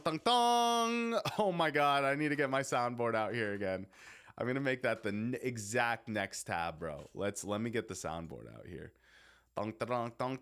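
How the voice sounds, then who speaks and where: A young man streams live and rambles to his viewers with plenty of swearing. He keeps cutting himself off in an unscripted flow, and his voice sits in a middle pitch. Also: a bit bright. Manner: rambling, swearing, self-interrupting. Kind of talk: casual live-stream commentary.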